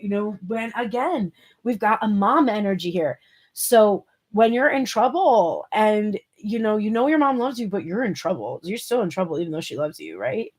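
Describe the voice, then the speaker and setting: A woman's voice: medium pitch, lively intonation, moderate pace. A woman giving a casual tarot reading, chatty and playful, laughing often and swearing casually. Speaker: tarot reader.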